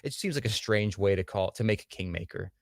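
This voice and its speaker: A man's voice: lowish voice, brisk, no echo, studio quality. A man co-hosting a TV review livestream, opinionated and joking, with casual swearing. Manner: opinionated, animated, swears and jokes. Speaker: podcast co-host.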